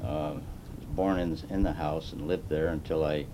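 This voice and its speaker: A man in his seventies from Chicago, telling his life story slowly with many fillers in an oral history interview. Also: fairly even intonation, dark tone. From Chicago, USA. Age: 70s. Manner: unhurried, rambling with fillers. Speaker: interviewee, retired car designer. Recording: noisy 1980s tape with rumble.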